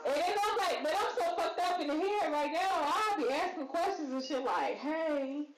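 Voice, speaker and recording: A woman's voice: very high-pitched, animated, normal speed, very noisy. A woman doing open-mic stand-up comedy, brash and profane, teasing the crowd and laughing through her own jokes. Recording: echoey room with loud crowd.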